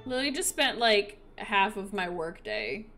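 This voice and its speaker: A woman's voice: medium pitch, very animated, a little slow, sharp tone, soft background music. A woman giving casual let's-play commentary, chatty and playful, joking at her own expense while she talks to her viewers. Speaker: game streamer.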